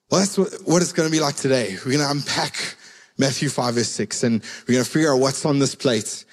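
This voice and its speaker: A man's voice: mid-range voice, expressive, fast, big-room sound. A man preaching a sermon in a conversational, storytelling way, repeating his key words for emphasis.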